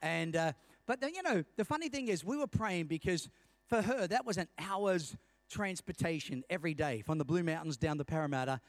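A man's voice: on the high side, lively intonation, fairly quick, dry recording. A middle-aged man preaching a sermon as senior pastor, telling stories and calling for amens from the congregation.

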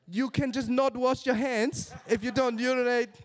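A man quoting a matter-of-fact German teenage boy who explains his logic calmly, in a stand-up comedy routine. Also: very high-pitched, moderate pace, pitched above the performer's own voice.

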